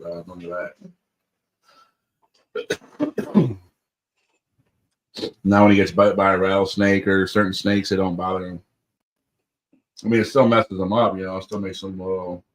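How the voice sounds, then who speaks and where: A man with a very low voice chats casually on a livestream. He rambles through his stories and scatters loose fillers throughout. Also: low-quality recording. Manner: rambling, with many fillers like "or whatever". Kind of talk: casual chat.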